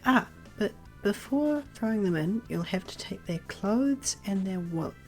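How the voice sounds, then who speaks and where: A woman playing a former streamer, handing out absurd advice in a deadpan, matter-of-fact way in a comedy audio drama. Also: medium pitch, measured pace, faint music behind, natural voice.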